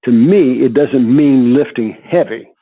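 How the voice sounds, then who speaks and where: Older man telling lively stories. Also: mid-range voice, unhurried, narrow, tinny audio. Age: 70s. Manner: lively anecdotes, frequent laughter and word repetition. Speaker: interview guest. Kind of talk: conversational storytelling.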